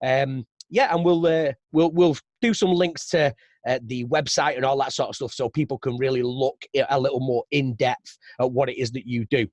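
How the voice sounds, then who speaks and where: A man's voice: medium pitch, steady tone, moderate pace, darkish tone, no room sound, muffled recording. A man with a Manchester accent hosting a podcast, chatty and easygoing, with many fillers. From Manchester, England. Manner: chatty, laughing, filler-heavy. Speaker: podcast host. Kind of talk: casual interview chat.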